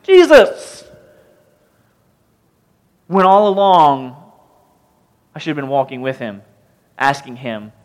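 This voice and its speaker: A young man preaches a sermon in a loose, joking way, his voice sitting a little high for a man. He drops to soft asides, then bursts out loud. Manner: conversational, jokey preaching with sudden loud outbursts. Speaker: pastor.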